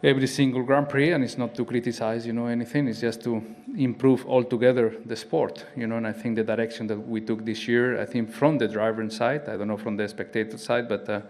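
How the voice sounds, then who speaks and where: Spanish man, non-native English, mid-pitched, thoughtful and halting, press-room answers. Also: level tone, a little mellow. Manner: halting, reflective, with frequent restarts. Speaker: racing driver.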